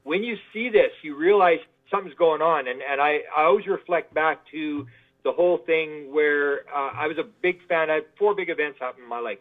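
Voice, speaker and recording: Rambling man on a tinny line. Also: on the high side. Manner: rambling, repeats words, acts out quoted voices. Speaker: guest researcher. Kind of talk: casual interview storytelling.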